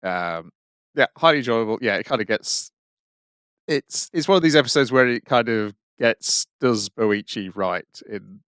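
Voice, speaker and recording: A man joins a podcast chat with a mid-pitched voice, pausing and restarting as he searches for words. The recording is dry, with no room sound. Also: lively intonation, fairly bright tone, clean tone, dry recording. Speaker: podcast co-host. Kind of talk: casual chat.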